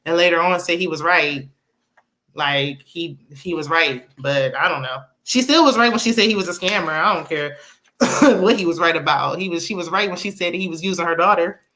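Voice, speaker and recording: A young woman, casually recapping a movie with laughs and quick asides. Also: on the low side. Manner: chatty, animated retelling with laughs and acted-out quotes. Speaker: movie review host.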